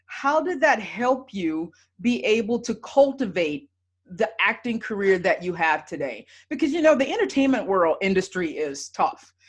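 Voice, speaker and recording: A woman's voice: mid-range voice, big pitch swings, normal speed, husky. A woman hosting an interview as a coach, asking encouraging questions. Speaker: host and coach.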